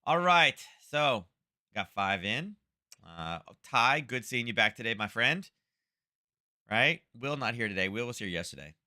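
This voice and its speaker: Unhurried and sing-song, his mid-range voice has a sharp tone. The man runs a casual trading livestream, musing aloud about the market, punctuating remarks with "right?" and chatting with viewers by name.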